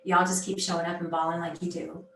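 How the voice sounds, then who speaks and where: A middle-aged woman, a sports executive speaking as a guest in a conversational interview, talking in an animated, emphatic way and often tagging her points with "right?". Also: lowish voice, fast, vocal fry, roomy sound, recorded from a distance, slight background noise, low-quality recording.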